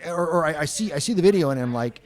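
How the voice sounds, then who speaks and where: A man's voice: a little high, expressive, fast talker. A male guest telling a personal story in a rambling way, with many restarts.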